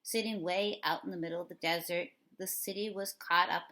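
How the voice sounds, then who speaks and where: A woman reads a children's novel aloud with a slightly low voice. She tells the story expressively and gives it a lively read-aloud feel. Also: brisk, rough recording. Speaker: reader.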